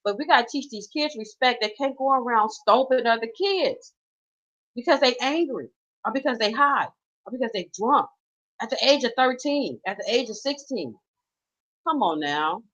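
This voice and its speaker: A woman's voice: fairly high pitch, expressive, moderate pace, fairly bright tone. A middle-aged woman, a mother and grandmother, ranting emphatically and unscripted, swearing freely as she talks. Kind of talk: unscripted personal rant. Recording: slightly dull, lo-fi sound.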